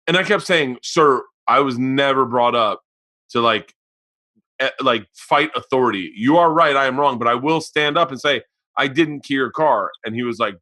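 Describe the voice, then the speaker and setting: Loud, bright-voiced male podcast host. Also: medium pitch, normal speed. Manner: loud, profane storyteller acting out voices. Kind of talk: casual chat.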